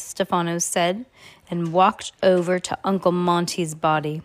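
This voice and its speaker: Lady reading a kids book out loud, tripping over words n fixing them, lowish voice. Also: little pitch movement, measured pace. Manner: stumbles and corrects herself, chatty asides. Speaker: podcast host reading aloud. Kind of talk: reading a children's novel aloud.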